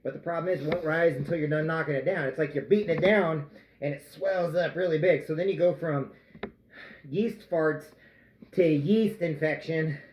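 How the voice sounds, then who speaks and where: A man's voice: on the high side, normal speed, darkish tone, echoey room, a little hiss or hum, rough recording. A man making bread in his home kitchen, joking around and singing to himself while he kneads the dough. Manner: goofy, playful, jokes and sings while kneading dough. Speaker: home cook. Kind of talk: casual cooking vlog.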